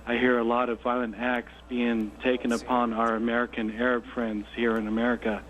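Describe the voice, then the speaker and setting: A man calls in to the program with a flat, even intonation. He speaks sincerely but haltingly, pausing often with fillers. His voice comes through a dull, muffled line. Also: mid-range voice. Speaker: caller. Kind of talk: call-in comment.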